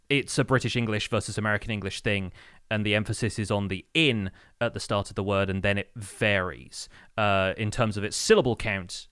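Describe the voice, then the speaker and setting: A man co-hosting a casual podcast, opinionated and animated, laughing often as he talks. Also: on the low side, clear, resonant tone, no echo, clean studio sound. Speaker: podcast co-host.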